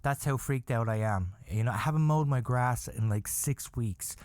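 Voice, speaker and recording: Dude telling a funny story on his podcast, cusses a lot, voice shoots way up when he's freaked, pretty average pitch, dry close sound. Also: normal speed, dry recording. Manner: animated, profane, jumps high when freaked out. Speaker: podcast host. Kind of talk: comedic storytelling monologue.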